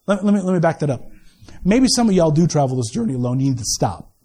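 A man's voice: on the high side, very animated, fast talker, dark tone, slightly rough. A man giving a sermon as pastor, casual and joking, often repeating his first words as he restarts. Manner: casual, joking preaching with many stammered restarts.

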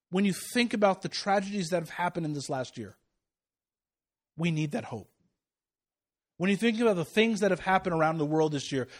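A Midwestern pastor in his thirties delivers a sermon in a noticeably high voice. He preaches with fervor, pushing hard on declarations and then dropping to near a hush. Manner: impassioned preaching, swings from loud to hushed. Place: church sanctuary.

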